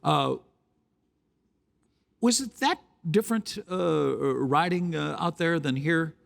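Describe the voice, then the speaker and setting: A man moderating a panel, asking his questions haltingly with many fillers. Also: fairly high pitch, lively intonation, gravelly, fairly bright tone.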